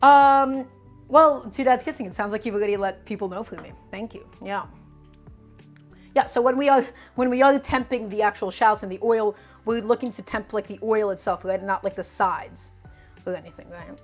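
A woman from Brooklyn with a New York accent and a slight speech impediment that softens her R sounds, chatting with viewers during a live cooking stream. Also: mid-range voice, normal speed, faint music behind. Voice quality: cannot pronounce R sounds. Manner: chatty, talks directly to viewers.

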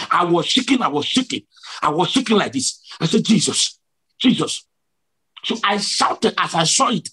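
A man preaching a dramatic testimony, pressing each point by saying it again and again. His voice sits high and leaps around in pitch. It has a husky grain to it. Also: fairly bright tone. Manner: emphatic, repetitive, dramatic storytelling. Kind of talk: sermon testimony.

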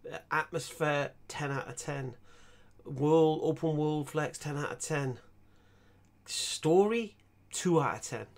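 Slow-paced and a bit high, with vocal fry, this young man streams and talks games casually. He meanders, stumbles into restarts, and laughs in animated bursts.

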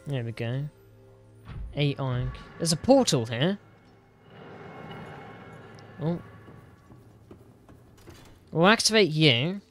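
A man's voice: a little high, sing-song, slow pace, pauses often, fairly bright tone, faint music behind. A young man commentating on his own gameplay, with frequent frightened exclamations. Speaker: gaming YouTuber. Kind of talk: game commentary.

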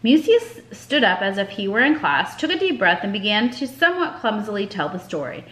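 Expressive woman reading a storybook. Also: medium pitch, a little fast. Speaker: narrator. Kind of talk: audiobook narration. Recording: echoey room.

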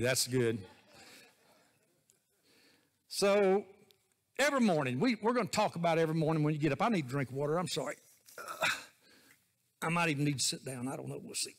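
A man preaching a sermon as associate pastor, in a folksy, joking, conversational way. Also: on the high side.

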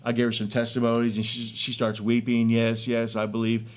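A man in his thirties or forties, a street evangelist telling a healing testimony in an earnest, excitable way with many fillers and restarts, outdoors in a neighborhood. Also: mid-range voice, brisk. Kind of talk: animated testimony storytelling.

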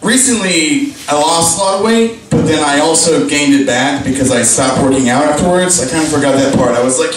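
A man's voice: fairly high pitch, fairly quick, few pauses. A young man doing a stand-up comedy set at a live pub show, rambling with lots of fillers and crude jokes. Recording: very echoey pub room, distant mic. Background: audience laughing.

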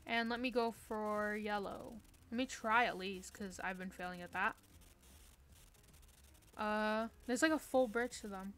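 A young woman streams a game from her room, chatting casually and tossing out playful, self-mocking trash talk. Her voice is medium-pitched and fairly bright, and she talks a little slowly.

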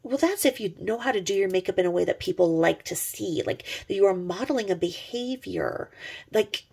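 A middle-aged woman vlogger tears into someone online with sarcastic, profane gossip commentary. Her voice is deeply gravelly with a husky, rough edge. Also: fairly quick, darkish tone.

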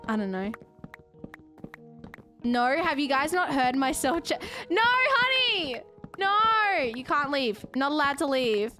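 A woman's voice: high voice, lively intonation, a little slow, pauses often, music in the background. A woman streaming a game, chatting casually and giggling with her viewers. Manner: chatty, giggly, talking to chat. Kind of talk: casual live-stream chat.

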